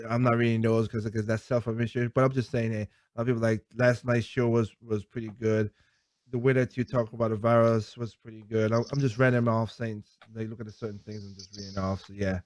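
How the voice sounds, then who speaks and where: Rambling male podcast host. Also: mid-range voice. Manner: rambling, laughs often. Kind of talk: casual chat reading viewer comments.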